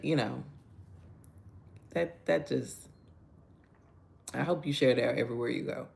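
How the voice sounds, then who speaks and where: Lady greeting her live viewers one by one, low gravelly voice, chatty. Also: measured pace, long pauses, darkish tone. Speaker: devotional livestream host. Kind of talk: casual live-stream chat.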